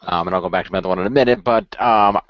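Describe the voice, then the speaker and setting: A man co-hosting a casual podcast, talking in an animated way with filler ums. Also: sits low, racing, no echo. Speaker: podcast co-host. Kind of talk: casual chat. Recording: dull dry lo-fi recording.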